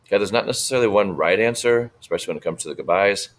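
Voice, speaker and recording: Low-voiced man teaching Spanish. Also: very fast. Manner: explains step by step, checking in with "right?". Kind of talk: screen-share lesson walkthrough.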